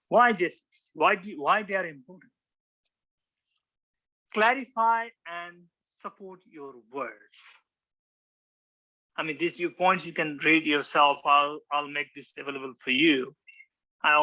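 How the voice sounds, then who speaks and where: A man's voice: on the high side, sharp tone, muffled recording. A man teaching a public speaking lesson, acting out examples with many restarts. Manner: demonstrative, acts out examples, frequent restarts. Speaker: public speaking club instructor. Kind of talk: informal teaching talk with slides.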